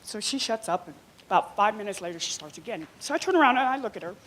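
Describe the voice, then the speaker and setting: A woman with a medium-pitched voice talks fast as she performs her first-ever stand-up comedy set on a small club stage. She's animated and giggles through her own jokes.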